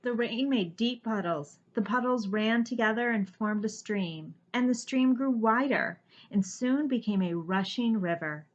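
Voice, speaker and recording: A woman teacher reading a children's picture book aloud, with expressive, dramatic storytelling. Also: fairly high pitch, unhurried, hardly any pauses. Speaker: first-grade teacher. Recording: slightly dull lo-fi recording.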